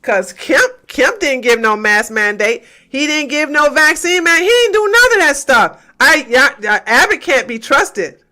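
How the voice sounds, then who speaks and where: A woman's voice: sits high, a little slow, hardly any pauses. A woman from the US, hosting a casual livestream and talking emphatically to her chat. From Georgia, USA. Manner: animated, emphatic, talks to chat, swings between loud outbursts and muttering. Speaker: livestream host.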